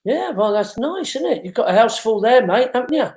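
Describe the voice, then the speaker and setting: A man's voice: very high voice, big pitch swings, brisk, darkish tone, reverberant. A man from the hosting a casual live show from home, emotional and chatty. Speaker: host.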